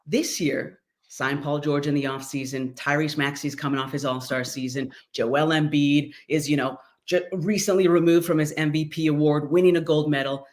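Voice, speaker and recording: A woman who calls basketball games as a play-by-play announcer, guesting on a podcast in animated, chatty talk. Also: sits low. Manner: animated, chatty, quick storytelling. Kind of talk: casual podcast chat.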